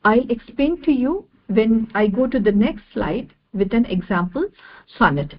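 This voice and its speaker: A woman giving an online lecture over slides, measured and repeating each definition step by step. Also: fairly high pitch, animated, highs cut off.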